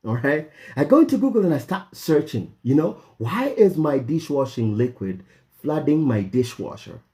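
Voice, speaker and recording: Mellow-voiced Kenyan man telling a story. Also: moderate pace. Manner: animated retelling, voice jumps high when quoting himself; many fillers and restarts. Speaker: vlogger. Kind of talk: storytelling vlog.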